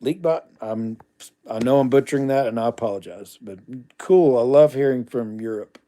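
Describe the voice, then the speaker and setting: Reading viewer comments aloud on his casual livestream, a middle-aged man gives blunt answers and mutters asides quietly. He speaks at normal speed in a mellow, mid-range voice.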